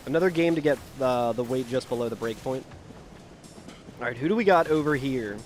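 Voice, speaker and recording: A man's voice: medium pitch, animated, brisk, soft background music. A tired man with a Philadelphia Delco accent chatting casually while he streams a game, rambling and profane, and mocking himself. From Pennsylvania, United States. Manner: rambling, profane, self-deprecating. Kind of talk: casual live-stream chat while gaming.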